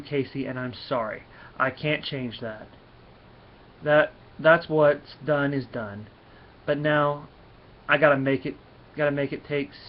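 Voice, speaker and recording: A man reading aloud the lines of a gruff middle-aged father who is a former drunk turned thug. He reads flatly and stumbles over the words. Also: medium pitch, natural voice. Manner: flat read-aloud delivery with stumbles. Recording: dull lo-fi recording.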